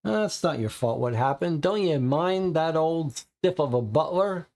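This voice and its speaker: A man's voice: on the high side, expressive, unhurried, a little mellow. A man voicing a blunt, impatient detective in a noir tabletop game. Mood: testy. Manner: testy, blunt.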